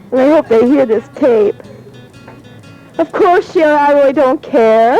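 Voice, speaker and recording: A woman's voice: high-pitched, dark tone. A teenage girl chatting and giggling as she rambles through a spoken letter recorded on cassette tape. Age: teens. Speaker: high school student. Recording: dull lo-fi 1970s home cassette.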